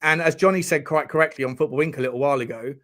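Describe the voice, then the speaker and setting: Man, livestream host, casual chat, slightly high voice, jokey. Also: rapid-fire, fairly bright tone. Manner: chatty, joking, reads out viewer messages. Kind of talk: casual live-stream chat.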